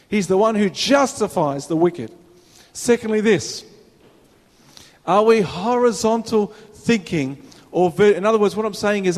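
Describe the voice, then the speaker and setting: A man preaching a sermon as a minister, in a conversational way with rhetorical questions, recorded in a church hall. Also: high-pitched. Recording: reverberant hall.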